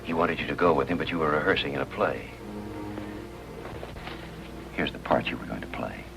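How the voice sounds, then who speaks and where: An actor playing an earnest, persistent hospital chaplain in an old radio drama. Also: male voice, rumbling low, expressive, moderate pace, vocal fry, music in the background, full character voice. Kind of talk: 1950s radio drama acting. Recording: dull lo-fi old radio recording.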